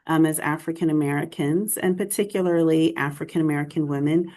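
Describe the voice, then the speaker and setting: A woman speaking as a panelist on libraries, measured and thoughtful. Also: deep voice, fairly even intonation, mellow. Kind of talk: panel discussion remarks.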